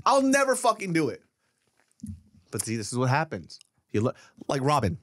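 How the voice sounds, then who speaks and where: A man hosting a podcast, telling a story casually and profanely, his voice jumping up when he gets riled. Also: normal speed. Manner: animated, profane, jumps up in pitch when riled. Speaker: podcast host.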